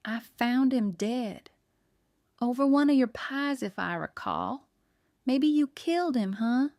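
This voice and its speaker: A woman doing a shrill, snappish suspect. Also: big pitch swings, slow, darkish tone, no echo, studio quality, heavily acted. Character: sharp-tongued defensive woman suspect. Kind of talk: audiobook character reading.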